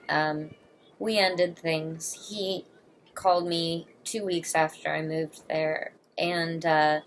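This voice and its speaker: A woman's voice: on the low side, little pitch movement, measured pace, fairly bright tone, slight background noise. A woman in her twenties talking earnestly and candidly to camera in a personal confessional vlog, emotional and blunt. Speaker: vlogger.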